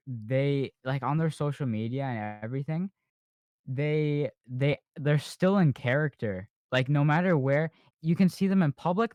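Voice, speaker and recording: A man's voice: medium pitch, darkish tone, dry recording, lo-fi sound. A man hosting a podcast in casual chat, rambling with lots of fillers and restarts. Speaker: podcast host.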